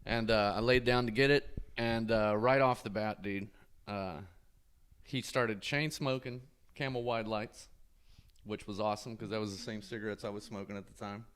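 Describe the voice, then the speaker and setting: A man's voice: lowish voice, steady tone, moderate pace, fairly bright tone, clear, resonant tone. A man telling a story as a podcast guest in a laid-back, casual way, swearing and using "dude" and "like" a lot.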